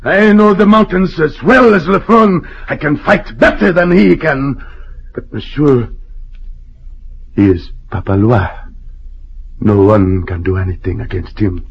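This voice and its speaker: A brusque husky island governor. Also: male voice, mid-range voice, unhurried, full character voice. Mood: grim. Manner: brusque and impatient, dropping French phrases. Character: commanding male island governor, former rebel leader. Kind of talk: old-time radio drama. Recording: dull lo-fi old radio recording.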